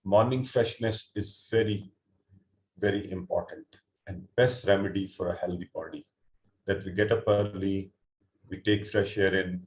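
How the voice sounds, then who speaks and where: A man's voice: low-pitched, steady tone, moderate pace, roomy sound. A man teaching an online class, explaining word meanings patiently step by step, with hesitant fillers and restarts. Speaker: Quran teacher. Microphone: computer mic on an online call.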